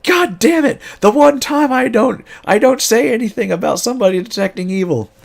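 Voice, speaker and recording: A man voicing an exasperated male wizard from a tabletop game, loud and outraged. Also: very high-pitched, lively intonation, fairly quick, creaky, pitched above the performer's own voice, exaggerated voice.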